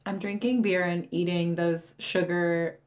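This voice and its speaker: A woman's voice: on the low side, level tone, measured pace. A young woman co-hosting a podcast, chatting casually, gushing and giggly, her voice cracking now and then. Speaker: podcast co-host. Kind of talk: casual chat.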